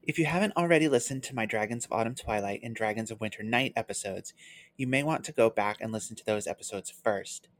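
Scripted podcast host, measured delivery, dry close mic, mid pitch. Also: no echo.

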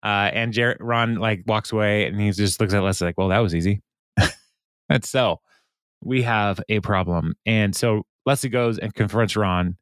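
A man hosting a podcast, recapping an episode in casual chat, laughing often and quoting characters in quick bits. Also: fairly low pitch, smooth, no echo, studio quality.

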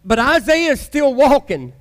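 A male pastor preaching a sermon in a conversational, emphatic style with dramatic pauses. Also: extremely high pitch, very animated.

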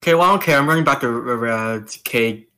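A man's voice: mid-range voice, fast talker. A young man playing a tabletop game, swearing and calling out his moves. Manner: swearing, loud. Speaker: player. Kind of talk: casual game banter.

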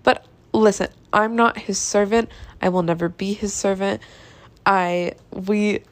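A young woman hosting a podcast, telling a story in a casual, chatty monologue with swearing, sighs and laughs, exasperated and animated. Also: medium pitch, normal speed, no echo. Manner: animated, exasperated, drops to mutters. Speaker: podcast host.

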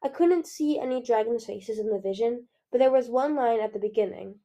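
A woman voicing a gentle, mysterious female dragon seer who speaks softly and calmly. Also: on the high side, a little fast, lightly acted. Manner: soft and calm.

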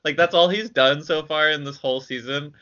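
A man's voice: on the high side, a little fast, bright, forceful tone, lo-fi sound. A man co-hosting a podcast in casual chat, rambling with many fillers and laughing as he talks. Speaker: podcast co-host.

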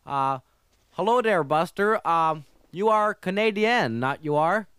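A man's voice: high voice, animated, a little slow, a bit bright, smooth, no room sound, clean studio sound. A man playing a fussy French talk-show host with a French accent, hesitant and full of "uh", twisting his English. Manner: hesitant, lots of "uh", mangled English phrasing.

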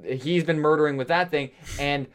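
Profane, animated male podcast host. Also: a little high, moderate pace, clean tone. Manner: profane, animated retelling with acted-out quotes. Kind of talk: casual movie review chat.

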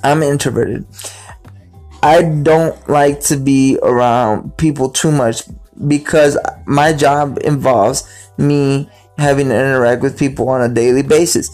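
A man's voice: mid-range voice, fairly even intonation, unhurried, a little mellow. A man talking casually about his own life, rambling and repeating words, with faint music in the background. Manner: rambling, repeats words, acts out quoted greetings. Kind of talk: casual personal talk.

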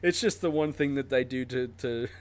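A man's voice: medium pitch, brisk, slight background noise. A man co-hosting a casual podcast over a call, joking and laughing often. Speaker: podcast co-host. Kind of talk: casual chat. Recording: remote call recording.

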